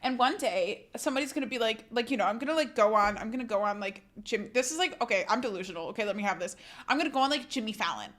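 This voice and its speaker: Young woman streamer, bright and lively, rambling casual chat, self-mocking. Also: a little high, fast.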